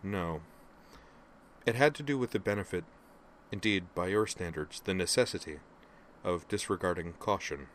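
A man reading a stern, monotone alien woman. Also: slight background noise. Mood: flat. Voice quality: low, monotone, almost mechanical. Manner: measured, rising into savage anger. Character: female Vulcan officer, low, controlled, bitter. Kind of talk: audiobook fiction reading.

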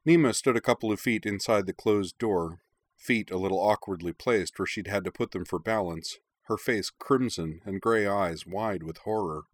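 A man narrating a story in a measured, expressive reading. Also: on the low side. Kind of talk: audiobook narration of fan fiction.

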